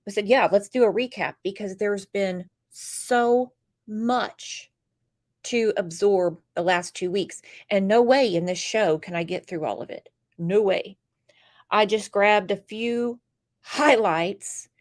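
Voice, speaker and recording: A congested, stuffed-up woman hosts a true crime livestream, greeting viewers by name and offering blunt opinions in casual chat. Her voice is mid-range and slow.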